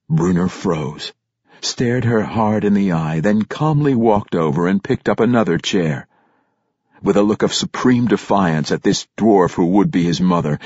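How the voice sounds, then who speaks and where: A man narrating a fantasy audiobook in an expressive, dramatic storytelling manner. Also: fairly low pitch, breathy edge, dry recording, highs cut off.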